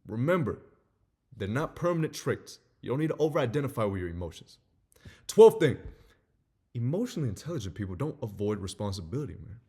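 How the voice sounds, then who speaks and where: A young man giving a motivational self-help talk, animated and acting out little scenes as he explains. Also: a little high.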